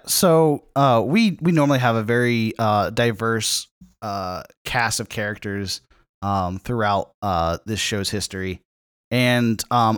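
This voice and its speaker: A man with a smooth, clear voice co-hosts a comedy podcast. He sets up bits slowly and hesitantly, heavy on ums and uhs, in a dry, close sound. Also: on the low side, dry recording. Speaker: podcast co-host. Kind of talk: casual comedic chat.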